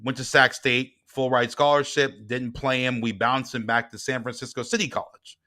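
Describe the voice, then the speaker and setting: A middle-aged man, a guest and author, telling a personal story in casual talk, swinging from quiet reflection to heated retelling. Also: medium pitch, little pitch movement, moderate pace.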